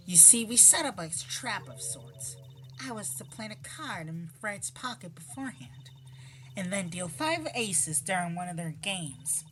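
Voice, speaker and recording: Woman voicing smug con-artist card dealer from a game, put-on Russian accent, bright tone. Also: lowish voice. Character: sly scheming female card dealer, cocky con artist. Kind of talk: voicing a visual novel playthrough.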